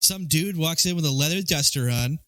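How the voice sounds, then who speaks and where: A man's voice: fairly high pitch, brisk, a bit bright, no room sound. A man co-hosting a movie podcast, making wry casual comments on the film. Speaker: podcast co-host. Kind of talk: casual movie-review chat.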